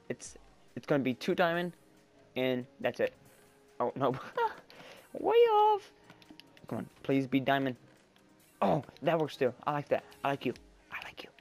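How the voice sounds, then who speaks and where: A man giving chatty let's-play commentary, rambling and getting excited as he plays. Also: fairly high pitch. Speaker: gameplay commentator. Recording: quiet background music. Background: faint background music.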